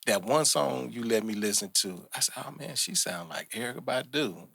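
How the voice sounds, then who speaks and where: A man's voice: medium pitch, lively intonation, normal speed, gravelly, a bit bright, slightly rough, no echo. A man hosting a podcast, speaking in a laid-back way and retelling what he said. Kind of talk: casual chat.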